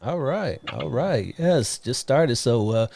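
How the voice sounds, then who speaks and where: A man's voice: medium pitch, lively intonation, slow, gravelly, darkish tone. A man hosting a live online interview show, upbeat and chatty, often repeating himself, heard over a video call. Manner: upbeat, repeats phrases, loose filler. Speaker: talk show host.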